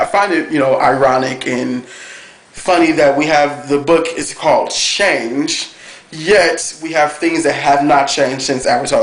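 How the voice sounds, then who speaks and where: A man reviewing a cartoon episode on camera, talking in a gushing, excitable way with plenty of fillers. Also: fairly high pitch. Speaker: TV review vlogger. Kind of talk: casual chat review. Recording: echoey room.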